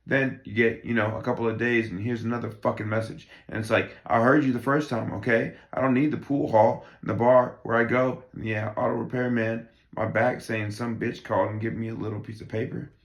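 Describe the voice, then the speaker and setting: A man's voice: mid-range voice, little pitch movement, brisk, few pauses, natural voice. A man cold-reading a play, playing a crude, belligerent working-class man who rambles and swears constantly. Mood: ranting. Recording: roomy echo.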